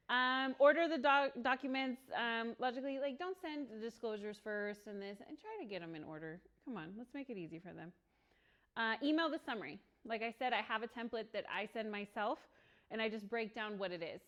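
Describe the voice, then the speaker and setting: A woman leading a real estate training session for a small group, chatty and quick to laugh, often acting out little bits of dialogue. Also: medium pitch, highs cut off. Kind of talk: workshop teaching.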